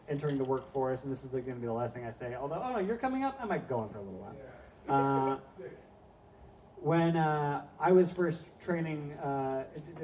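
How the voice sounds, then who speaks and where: A man's voice: mid-range voice, a little mellow. A male stand-up comedian performing a live set in a small venue, telling rambling, profane stories full of asides. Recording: distant mic with faint background noise.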